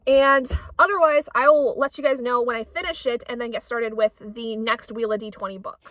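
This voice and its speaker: A woman's voice: a little high, fairly even intonation, brisk, fairly bright tone, dry recording. A woman book vlogger chatting casually while out running errands, ranting heatedly and swearing often. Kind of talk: casual vlog chat.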